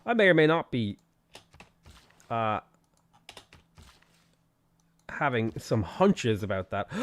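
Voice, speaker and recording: A man's voice: medium pitch, very animated, takes it slowly, long pauses. A man with an Irish accent chatting casually on a game stream, reading viewer messages aloud and answering them as he plays. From Ireland. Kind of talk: casual gaming stream chat.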